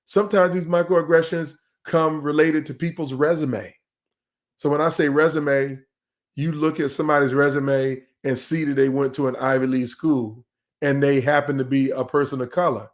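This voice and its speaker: A man's voice: on the high side, level tone, normal speed. Emphatic man giving a live leadership talk. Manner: conversational and emphatic, with repeated words. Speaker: leadership speaker hosting a live session.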